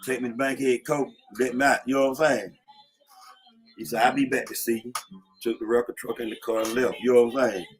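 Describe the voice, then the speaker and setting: A laid-back vlogger from Atlanta, USA spins street tales from inside a car, keeping it casual and slangy and repeatedly saying "you know what I'm saying." His mid-range voice moves fairly quickly with a flat delivery over soft background music.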